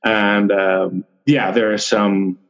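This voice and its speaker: A male actor, a podcast guest, chatting casually in a relaxed, rambling way with frequent restarts. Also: on the low side, takes it slowly, highs cut off. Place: Vancouver.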